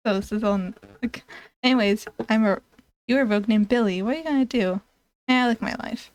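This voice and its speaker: A woman's voice: a little high, a little fast, clean tone, dry recording. A young woman streaming a browser game, chatting casually and reading its text aloud with frequent giggles and stumbles.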